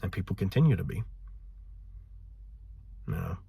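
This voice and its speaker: A man's voice: low voice, lively intonation, normal speed, gravelly, dark tone, slightly rough, no room sound. A man hosting his own vlog channel, ranting in a loose, frustrated way, saying "man" often and swearing. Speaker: channel host.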